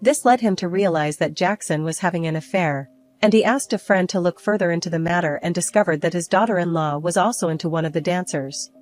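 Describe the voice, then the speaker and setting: An older woman calmly narrating a story in the first person. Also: fairly low pitch, a little fast. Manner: calm, even storytelling. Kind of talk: scripted narration.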